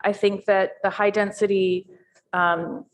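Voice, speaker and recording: A woman on a city board giving her comments in a public meeting, thoughtful and hesitant with frequent pauses and restarts. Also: medium pitch, little pitch movement, a little hiss or hum. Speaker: board member.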